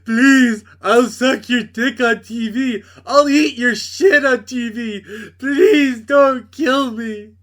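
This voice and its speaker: A broken male supervillain, put on by a man, begs and whimpers through tears. The voice jumps high and shrill, strained and far louder than normal. It sounds desperate and pathetic. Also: slow, hardly any pauses, heavily acted. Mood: pleading, sobbing. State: crying. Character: sobbing, groveling defeated male supervillain begging for his life. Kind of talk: mocking impression in a review.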